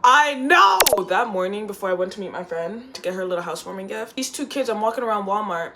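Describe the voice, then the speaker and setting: Young girl chatting away at home, lots of like and y'all, mid pitch, bit of faint noise. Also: quick pace. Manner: chatty and animated, full of "like" and "y'all". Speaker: vlogger. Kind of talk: casual sit-down storytime. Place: indoors at home, seated.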